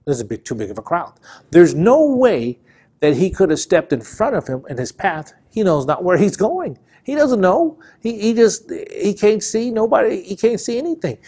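Male pastor, fairly high-pitched, fervent sermon delivery with repeated phrases and swinging emphasis. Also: sing-song, normal speed, warm tone, breathy edge. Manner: impassioned, repetitive preaching with rising and falling emphasis.

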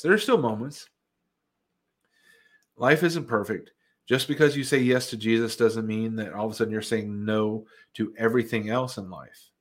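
A man, a Christian comedian, giving an earnest, reflective personal testimony with frequent fillers and restarts. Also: fairly low pitch.

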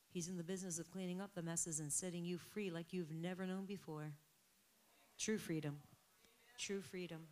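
A woman's voice: fairly low pitch, steady tone, normal speed. Passionate woman preaching a sermon. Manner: passionate preaching that builds to loud emphatic peaks.

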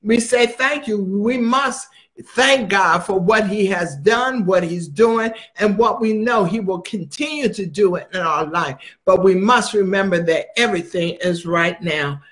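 Preacher: man with a very high voice, emphatic, drives points home by repeating them. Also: unhurried, a bit bright. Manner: emphatic, repeats phrases for stress. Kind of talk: sermon.

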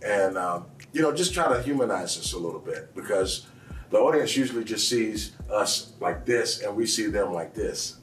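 Low-voiced host in a roomy space. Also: male voice, normal speed. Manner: relaxed, affirming interviewer. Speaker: show host. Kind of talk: casual interview chat. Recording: roomy sound from a distance, faint music.

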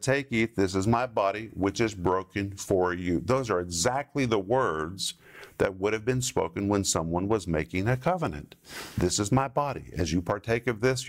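A middle-aged man preaching a sermon, teaching verse by verse with slow, deliberate emphasis on key words. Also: lowish voice.

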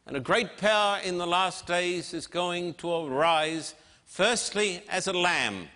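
A man preaching a sermon with emphatic, measured delivery and dramatic pauses. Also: sits high, sharp tone. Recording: long hall reverb.

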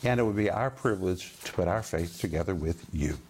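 A man's voice: deep voice, expressive, fairly quick, darkish tone, breathy edge. Emphatic male Bible teacher. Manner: emphatic, explains Greek words.

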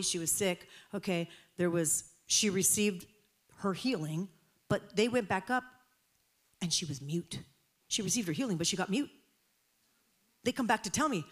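A woman preacher telling a personal testimony in a sermon, acting out her own panicked voice as she tells the story. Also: on the low side.

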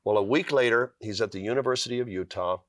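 A man's voice: on the low side, fast talker, no echo, clean studio sound. A middle-aged man, a guest author, telling a personal story in an earnest way on a talk show, with fillers and restarts.

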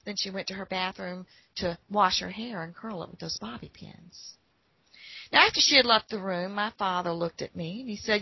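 A woman telling a personal story in an unhurried, folksy way. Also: medium pitch, vocal fry, breathy edge, dry recording, highs cut off.

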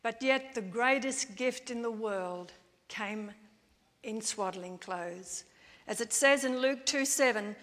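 Woman preacher, measured storytelling sermon, fairly high voice, long church reverb. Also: a bit bright.

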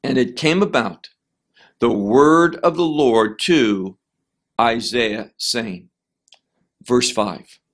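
A middle-aged man teaching a Bible chapter verse by verse, with slow, deliberate and emphatic phrasing. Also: medium pitch.

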